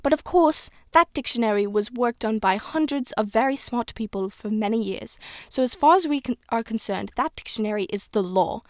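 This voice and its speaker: A woman's voice: fairly high pitch, normal speed, no echo, studio quality, lightly acted. A woman putting on a put-on British accent to voice a prim old schoolteacher woman. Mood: stern.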